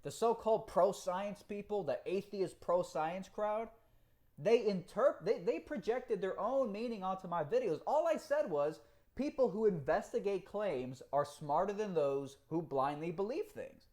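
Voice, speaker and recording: A man chatting on a live stream, reading out comments and talking in an animated, profane way with frequent laughs. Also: high voice, unhurried. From Cuba.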